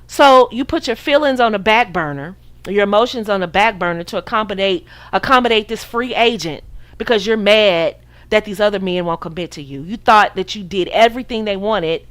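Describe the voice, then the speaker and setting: A woman's voice: medium pitch, brisk. A woman from the United States hosting a podcast, giving casual dating advice in a preachy, sassy way and acting out her listeners' voices. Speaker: podcast host.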